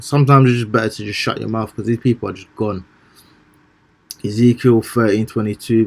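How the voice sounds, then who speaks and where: A man preaching in casual, everyday speech, breaking into slow, measured scripture reading. He stumbles and repeats words as he goes, with a voice at an ordinary middle pitch for a man. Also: fairly even intonation, creaky, darkish tone. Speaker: street preacher.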